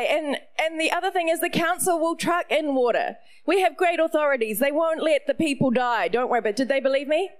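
A middle-aged woman with a New Zealand accent, preaching a sermon in an animated storytelling way with playful asides. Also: sits high, fairly quick, few pauses. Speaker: pastor.

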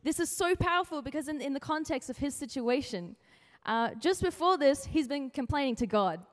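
This woman, with a fairly high voice, gives a casual youth sermon at a moderate pace, relaxed and playful. She chats along and slips into funny voices when quoting others, her words ringing with long reverb as though in a big hall.

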